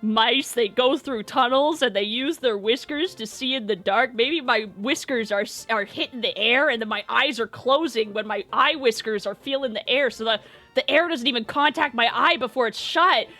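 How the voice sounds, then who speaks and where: A young woman chats away on stream with a high, lively voice, spinning a rambling, self-deprecating story and breaking into laughs. Her tone is bright and forward, with soft music playing low behind her. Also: moderate pace.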